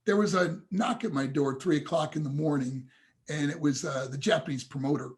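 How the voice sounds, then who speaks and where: A man's voice: fairly high pitch, fairly quick. Earnest man telling a heartfelt story. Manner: earnest, emotional, addresses hosts as guys. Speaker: podcast guest, motivational speaker. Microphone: video call.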